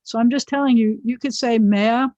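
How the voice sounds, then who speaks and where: A woman's voice: fairly high pitch, steady tone, normal speed, a little mellow, no echo. A middle-aged woman rabbi leads an online biblical Hebrew class, explaining each word and drifting into friendly asides. Her voice comes over a dull, dry video-call connection.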